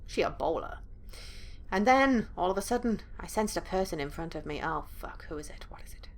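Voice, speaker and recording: A woman's voice: on the low side, lively intonation, fairly quick, slight background noise. A woman playing through a horror game, reading the story aloud dramatically and breaking in with blunt, profane asides. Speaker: let's play gamer.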